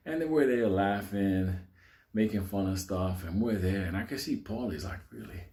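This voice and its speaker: Male comic storyteller, profane, animated, chuckling through it. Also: on the low side, normal speed. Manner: profane, animated, laughs while telling.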